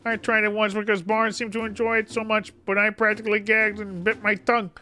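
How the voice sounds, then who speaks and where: A man voicing a timid, gentle female duck creature in a game, with a high, soft and hesitant voice. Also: flat delivery, brisk. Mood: sweet.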